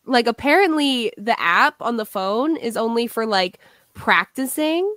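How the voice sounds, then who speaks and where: A woman's voice: fairly high pitch, expressive, unhurried, fairly bright tone, no echo, studio quality. A young woman co-hosting a podcast, chatting casually, laughing often and swearing while she tells stories. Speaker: podcast co-host. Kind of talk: casual chat.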